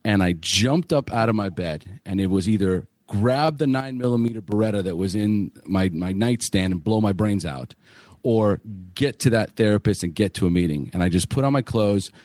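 A man's voice: on the low side, animated, normal speed, darkish tone, dry recording, clean studio sound. A man hosting a podcast, telling his own story candidly, with frequent swearing and fillers. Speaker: podcast host.

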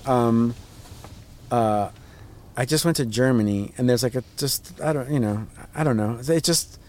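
Guy rambling as a podcast guest, mid pitch, faint hiss behind. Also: measured pace, a little mellow. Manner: rambling, pitch jumps when acting out voices. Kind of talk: casual chat.

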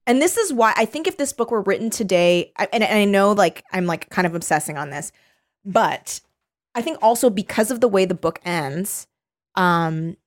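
A woman's voice: medium pitch, lively intonation, moderate pace. Chatty woman mulling over a book. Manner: chatty and reflective, with frequent fillers and swearing. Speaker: podcast co-host. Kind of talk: casual book discussion.

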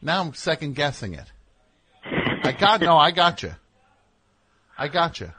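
A man hosting a call-in radio show, teasing a caller in excitable, triumphant banter. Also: on the high side, unhurried, breathy edge, no echo.

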